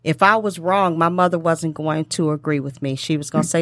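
A woman's voice: low-pitched, fairly even intonation, moderate pace, few pauses, dry recording, studio quality. A middle-aged woman hosting a talk show. She speaks from the heart, repeats herself often, and stumbles over her words when she gets emotional. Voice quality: emotional, tongue-tied at times. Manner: warm repetitive speech with many fillers. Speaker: show host.

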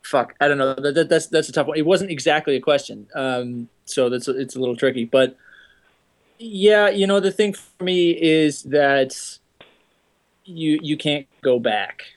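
A man on a podcast answering slowly and thoughtfully, hesitant with many fillers. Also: on the high side. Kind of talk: casual podcast talk.

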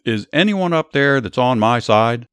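A man's voice: on the low side, expressive, moderate pace, no room sound, clean studio sound, lightly acted. A man voicing a ruthless, commanding male king in a read-aloud Bible story. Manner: reads plainly, commands raised and loud.

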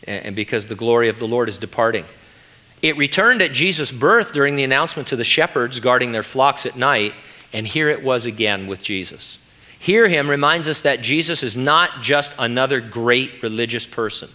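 A man's voice: mid-range voice, fairly quick, pushed and bright. A middle-aged man who is a pastor, preaching an earnest, emphatic sermon.

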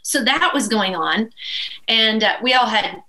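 A woman's voice: a little high, a little slow, poor audio. A middle-aged woman from East Texas with a Texan accent, telling a story as a guest and laughing as she goes. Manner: animated, laughs through her story. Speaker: guest musician. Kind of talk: casual storytelling.

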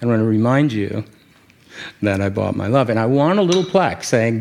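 A man from New York City telling a reflective personal story, often halting and restarting his words and chuckling at himself. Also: medium pitch, vocal fry, a little mellow, slight background noise. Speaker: speaker sharing a personal story.

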